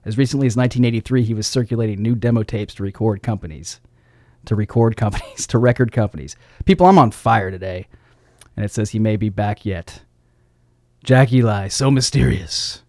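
A man's voice: fairly low pitch, brisk, a little mellow, no room sound. A man hosting a casual radio show on a studio microphone, reading record sleeve notes aloud in a laid-back way and chuckling at his own slips. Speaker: radio DJ host.

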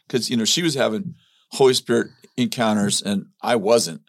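A middle-aged man with a low, gravelly voice tells a personal story to a partner. He acts out what people said and restarts his sentences often. The sound is close and dry. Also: moderate pace, no room sound. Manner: animated storyteller, acts out quotes, many restarts. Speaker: ministry leader telling his story. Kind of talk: casual storytelling.

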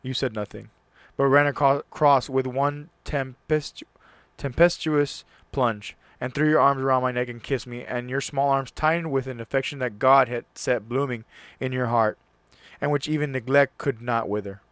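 A man's voice: mid-range voice, fairly even intonation, moderate pace, a bit bright, smooth, no room sound. Man reading aloud, close and dry. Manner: reads aloud earnestly, stumbles and restarts on words. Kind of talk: casual solo talk with read-aloud passage.

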